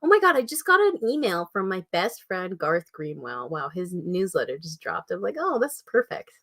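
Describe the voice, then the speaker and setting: A woman's voice: fairly low pitch, sing-song, moderate pace, fairly bright tone. A woman in her twenties with a Canadian accent, chatting casually on a livestream, reading out chat messages and laughing often. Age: 20s. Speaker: writing channel host.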